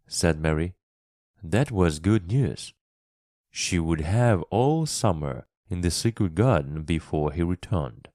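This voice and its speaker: A man narrating a classic story for English learners, slow, clear and expressive. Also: sits low, no room sound, studio quality.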